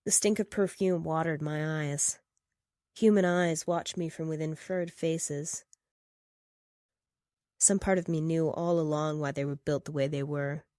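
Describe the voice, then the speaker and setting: A woman narrating first-person fiction in a steady, measured reading. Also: sits low, no room sound, clean studio sound.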